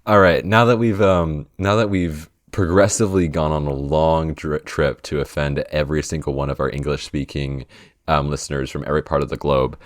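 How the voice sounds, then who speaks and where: A man's voice: very deep voice, fairly even intonation, moderate pace, dry recording, clean studio sound. A man co-hosting a podcast in laid-back casual chat, laughing and rambling. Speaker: podcast co-host.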